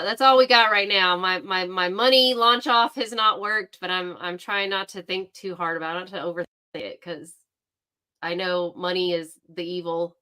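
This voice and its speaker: A middle-aged woman hosting a livestream, chatting excitedly and greeting viewers by name. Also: medium pitch, clear, resonant tone. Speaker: livestream host. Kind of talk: casual livestream chat.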